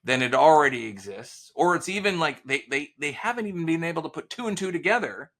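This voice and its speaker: A man talking about selling, with a voice that swings widely in pitch and carries a gravelly texture. He tells stories and acts out both sides of the conversations in them. The style is casual podcast talk. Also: fairly quick. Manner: animated storyteller, acts out quoted dialogue. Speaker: sales author and consultant guest.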